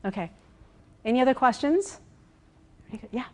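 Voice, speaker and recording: A woman executive coach giving a lively workshop talk, walking around as she speaks, repeating words and checking in with her listeners. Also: sits high, measured pace. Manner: walks around while speaking.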